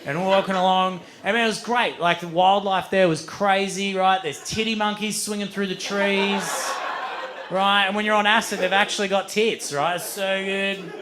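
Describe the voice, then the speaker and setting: A young man doing stand-up, telling a wild story with lots of swearing and sudden loud acted-out outbursts. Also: sits high, moderate pace, background noise. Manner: animated, swears freely, acts out voices with loud outbursts. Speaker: stand-up comedian. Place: comedy venue stage with audience.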